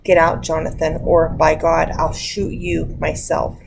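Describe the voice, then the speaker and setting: A woman's voice: sits low, completely flat delivery, unhurried, creaky, background noise, exaggerated voice. A woman voicing an older male doctor, wounded and furious, speaking in a bitter, accusing way. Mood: angry.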